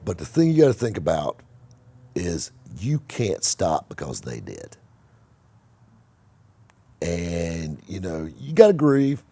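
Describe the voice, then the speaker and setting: A man hosting his own channel, giving blunt, animated motivational talk to the camera and swearing freely. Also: sits low, takes it slowly, pauses often. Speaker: car vlogger and host.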